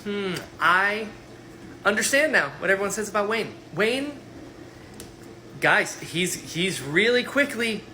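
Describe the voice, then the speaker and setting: Man, book vlogger, excitable, lively pitch, bright tone. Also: measured pace, a little hiss or hum. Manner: enthusiastic, animated, many fillers. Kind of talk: casual book reaction vlog.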